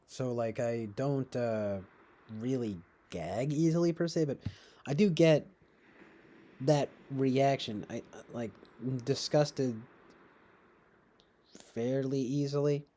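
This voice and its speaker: Male livestream host, mellow, halting and rambling, reacting to chat. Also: medium pitch, lively intonation. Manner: rambling, halting, many restarts and fillers; chuckles often while talking.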